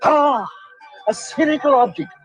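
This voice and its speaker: A man's voice: extremely high pitch, lively intonation, measured pace, poor audio. A man playing a pompous professor of the future in an old commercial, lecturing grandly with amusement. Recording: old broadcast ad with music.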